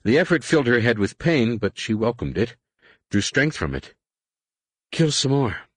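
A man reading a science fiction novel aloud in measured, dramatic scripted narration. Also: mid-range voice, very animated, breathy edge, no echo. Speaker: audiobook narrator.

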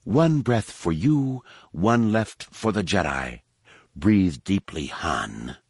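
Cold gloating alien assassin woman, a guy reading her, low menacing voice, dry sound. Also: lively intonation, takes it slowly, a little mellow, slightly rough, dry recording, full character voice. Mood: gloating menace.

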